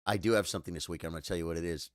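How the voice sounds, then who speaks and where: A man chatting live with his viewers, tired and choked up, halting and repeating words as he talks. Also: sits low, steady tone, no echo, clean studio sound. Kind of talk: casual live-stream chat.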